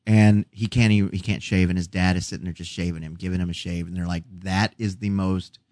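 A man's voice: low voice, little pitch movement, fast, darkish tone, dry recording, studio quality. A middle-aged man in casual chat, telling stories in an emotional, self-deprecating way.

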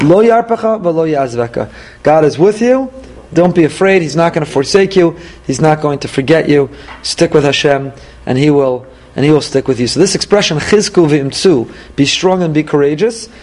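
Man, fairly high voice, emphatic, teaching a Torah class, quotes Hebrew verses. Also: darkish tone. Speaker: rabbi teaching weekly Torah portion.

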